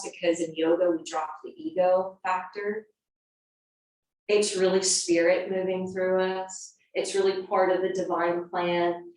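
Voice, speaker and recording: A woman yoga teacher telling a personal story in an earnest, animated way, then leading a class into a seated stretch. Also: on the low side. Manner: earnest and animated, acting out quotes. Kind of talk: storytelling and guided yoga instruction. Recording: very echoey room, voice from a distance.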